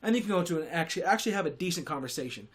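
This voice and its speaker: A man's voice: fairly high pitch, expressive, racing, slightly rough. Rambling sarcastic young man. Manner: self-deprecating, sarcastic, digressive with many restarts. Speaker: podcast host. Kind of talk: rambling comedic monologue.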